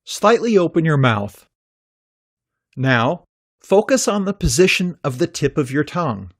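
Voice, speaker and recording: Male narrator for a pronunciation lesson: slow and deliberate, holds out example sounds, dry close-mic read. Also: on the high side, very animated, dry recording. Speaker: pronunciation teacher. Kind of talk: scripted instructional narration.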